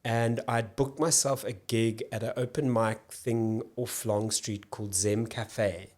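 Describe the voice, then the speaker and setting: Man, forties, low voice, rambling casual storytelling. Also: a little slow. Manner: relaxed, rambling, self-interrupting. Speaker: podcast guest, actor and comedian.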